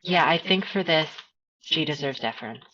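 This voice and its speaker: A woman playing a tabletop game who talks in a thoughtful, halting way. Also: deep voice, expressive, sharp tone, slight background noise. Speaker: player. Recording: dull lo-fi sound.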